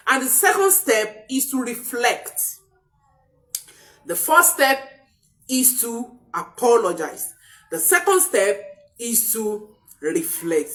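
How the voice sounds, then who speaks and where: A woman parenting coach giving an emphatic motivational talk, often repeating key phrases for stress. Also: fairly high pitch.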